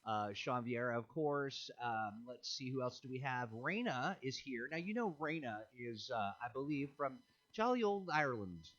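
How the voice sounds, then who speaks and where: A man hosting a relaxed online chat, reading out comments and joking his way through. His pitch swings up and down a lot as he talks, and he laughs easily between lines. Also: normal speed, few pauses, lo-fi sound. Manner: joking, laughs often, playful asides. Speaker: host and show producer. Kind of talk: casual livestream chat, reading viewer comments.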